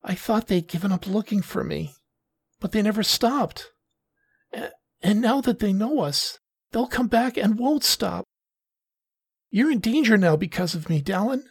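A man's voice: high-pitched, lively intonation, a little slow, vocal fry, slightly rough, voice pushed up, exaggerated voice. A man voicing a tearful young female cougar. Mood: distressed pleading. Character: distressed young female cougar, fragile, guilt-ridden.

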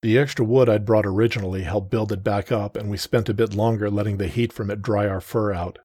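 Soft-spoken man narrating a story. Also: on the low side, fairly even intonation, fairly quick, slightly rough, no room sound, clean studio sound. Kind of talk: first-person story reading.

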